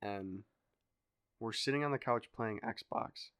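A young man telling a story in a casual podcast chat, animated and swearing, acting out other people's voices. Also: on the low side, slow, clear, resonant tone, no room sound, clean studio sound. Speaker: podcast guest.

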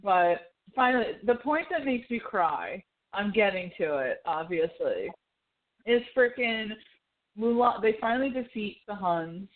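A woman's voice: mid-range voice, animated, a little slow. A woman in casual chat, talking animatedly and emotionally, laughing often and acting out lines. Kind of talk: casual chat about a film. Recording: tinny phone-like sound.

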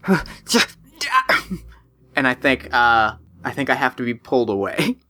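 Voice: mid-range voice, a little slow, pushed and bright. A tabletop game player describing their character's actions in first person, often stammering and restarting.

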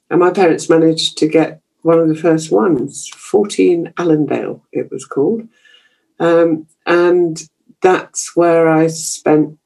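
A low, gravelly, warm female voice belongs to an older broadcaster from Yorkshire, England, who speaks with received pronunciation. She's an interview guest recalling her childhood, self-deprecating and heavy on fillers, captured on a rough recording.

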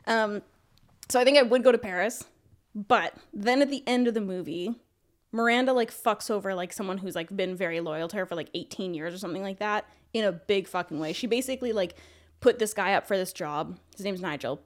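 A woman co-hosting a podcast in casual chat, talking in a rambling, profane, animated way. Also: mid-range voice, a little fast. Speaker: podcast co-host.

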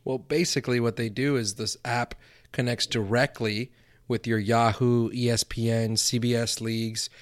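A male podcast host talking casually and with energy. He hits key words loudly. His voice is mid-pitched and recorded dry and close. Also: level tone, moderate pace, no echo. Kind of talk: casual podcast chat and ad read.

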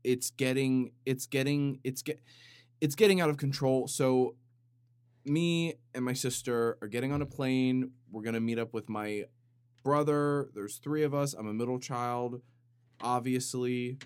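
A man's voice: medium pitch, fairly even intonation, a little slow, a little mellow, smooth, no room sound, clean studio sound. A man hosting a podcast in a casual comedic monologue, rambling, cutting himself off and building jokes with mock drama. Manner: rambling, self-interrupting, jokey and dramatic. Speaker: podcast host. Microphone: studio microphone with compressor.

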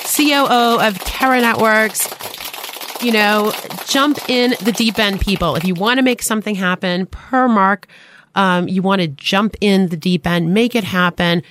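A woman's voice: medium pitch, measured pace, a bit bright, slight background noise. A woman with a Boston accent hosting a radio talk show, bubbly and enthusiastic, laughing often. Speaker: host. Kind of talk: casual radio show chat.

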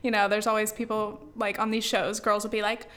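A woman's voice: medium pitch, monotone, brisk, fairly bright tone. A young woman from the US West Coast chatting casually on her vlog, rambling and filling her talk with "like" and "you know". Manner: rambling, full of "like" and "you know", with sighs and laughs. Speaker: vlogger.

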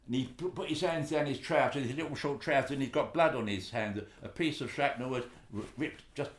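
An older man from England, casually reminiscing with family and telling stories in an animated voice. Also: fairly quick. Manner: animated storytelling, voices quotes with big pitch jumps. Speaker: storyteller.

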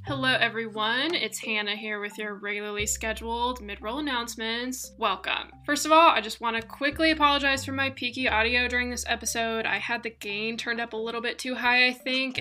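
A woman's voice: a little high, sharp tone. A woman game master and podcast host, talking chattily with many fillers. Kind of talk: casual chat and read announcements.

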